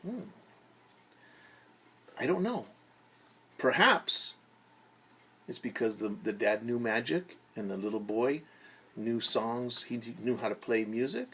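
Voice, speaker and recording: A young man teaching children, musing aloud with gentle questions during story time. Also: mid-range voice, lively intonation, unhurried, breathy edge.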